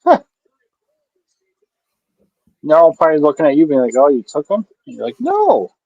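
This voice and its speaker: A man's voice: fairly high pitch, expressive, moderate pace, creaky, darkish tone, dull audio. A man co-hosting a casual beer review chat, laid-back and teasing, laughing easily. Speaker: beer review show co-host.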